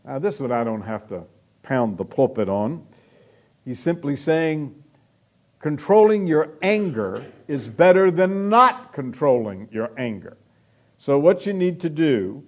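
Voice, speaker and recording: Man, pastor, preaching, emphatic, unhurried, lively intonation. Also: fairly high pitch. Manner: slow and deliberate, drawing out key phrases. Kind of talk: sermon.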